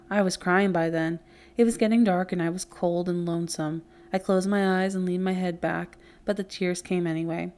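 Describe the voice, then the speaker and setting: A woman's voice: lowish voice, fairly even intonation, normal speed, a little mellow. A woman teacher reading a novel aloud, giving the characters' dialogue its own earnest tone. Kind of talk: audiobook read-aloud with character voices.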